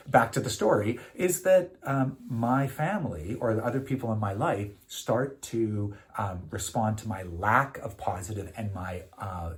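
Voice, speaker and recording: A man, a keynote speaker, giving a reflective motivational talk to camera, with frequent hesitations and filler sounds. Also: fairly low pitch.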